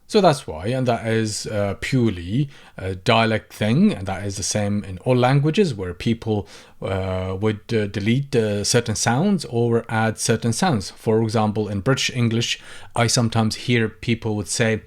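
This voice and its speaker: A man's voice: fairly low pitch, measured pace. A man teaching a language lesson, patiently saying each example phrase several times before explaining it. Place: lives in the UK.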